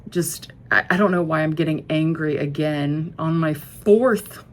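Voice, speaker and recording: A woman's voice: low-pitched, measured pace, slight background noise. A woman talking in a casual music-commentary vlog, blunt and profane, rambling with asides and self-corrections. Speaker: music vlogger.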